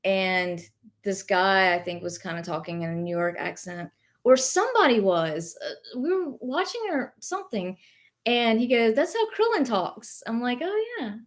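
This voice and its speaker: An expressive mid-range voice at normal speed comes from this young reseller and livestream host. She's from the rural American South, has a light Southern accent, and is sick with Covid. Her talk is casual and rambling as she goes through viewer comments, heavy on fillers and self-corrections.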